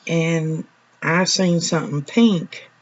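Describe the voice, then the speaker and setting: A woman's voice: deep voice, steady tone, takes it slowly, dull audio. A woman, a nurse chatting casually in a vlog, telling stories in a folksy way that trails off now and then.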